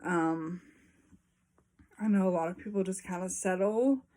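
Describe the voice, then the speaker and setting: A young woman talking frankly to her viewers in a casual vlog, with frequent pauses and ums. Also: on the low side, mellow. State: a little out of breath. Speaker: vlogger. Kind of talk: casual personal talk to camera.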